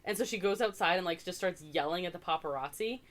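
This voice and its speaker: A woman's voice: fairly low pitch, fast talker. A woman from Canada co-hosting a podcast, chatting casually as she recaps a movie, with lots of "like" and wry asides. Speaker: podcast co-host.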